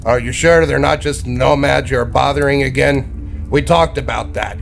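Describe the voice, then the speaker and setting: A man's voice: mid-range voice, normal speed, creaky, soft background music, pitched above the performer's own voice, close to an everyday voice. A man voicing a grumpy, impatient male dwarf alchemist in a tabletop game. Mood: irritable. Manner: testy, impatient.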